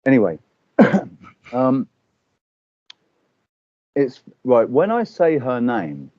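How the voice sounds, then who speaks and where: A man in casual chat, telling stories with animated swearing and acting out quotes. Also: mid-range voice, very slow, no echo. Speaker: podcast guest. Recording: dull lo-fi audio.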